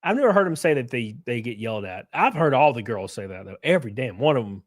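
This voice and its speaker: A man's voice: mid-range voice, very animated, fast, no room sound, studio quality. A man hosting a casual live stream, rambling through effusive thanks to viewers and reading a story aloud.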